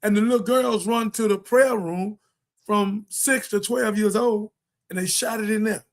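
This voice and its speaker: Man, high voice, preachy, emphatic, rambling, talk show host. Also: unhurried. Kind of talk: impassioned political monologue.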